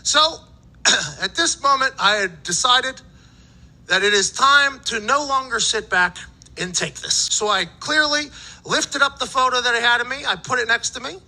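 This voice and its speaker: A former punter tells a story in loose, casual chat, swearing freely and laughing through it. His voice sits high for a man and rings very bright and sharp. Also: moderate pace, poor audio. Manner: profane, laughing, animated retelling. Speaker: former football punter, podcast guest.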